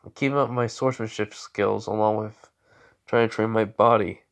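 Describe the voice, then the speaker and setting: A man's voice: fairly low pitch, steady tone, normal speed, natural voice. A man voicing a cocky, blunt young male swordsman in a fan story, talking in an offhand, teasing way.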